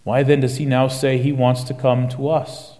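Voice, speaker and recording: A man's voice: mid-range voice, little pitch movement, moderate pace, dark tone. Man, preacher, sermon, declamatory, rhetorical questions, reverberant church.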